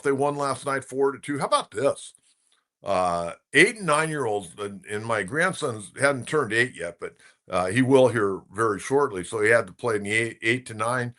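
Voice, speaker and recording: Older male sports-radio host, bright, chatty, opinionated storyteller. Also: mid-range voice, expressive, moderate pace. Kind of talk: casual sports talk commentary.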